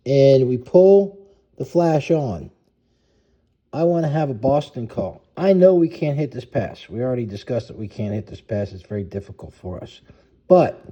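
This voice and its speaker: A man explains a lacrosse play to his team in a very dark, mellow voice. He goes step by step, correcting and rephrasing himself as he goes. The audio is dull and muffled. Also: medium pitch. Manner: methodical, restates and corrects himself. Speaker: youth lacrosse coach.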